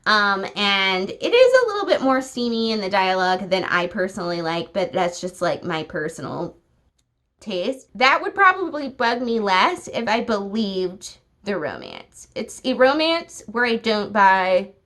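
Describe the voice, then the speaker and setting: A woman's voice: medium pitch, very animated, unhurried, a bit bright. A young woman vlogging at home, chatting casually and with opinions about books she has been reading, with many filler words. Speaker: book vlogger. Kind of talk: casual vlog chat. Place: home at night.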